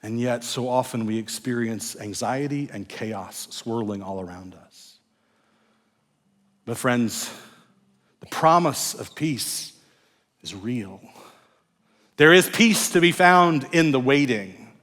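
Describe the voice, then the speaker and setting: Middle-aged male pastor, sermon delivery, emphatic, then drops to near-whispered hushes, echoey sanctuary. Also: mid-range voice, expressive, takes it slowly, long pauses. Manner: shifts from warm emphasis to hushed, soft phrases. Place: large church sanctuary. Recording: echoey church hall.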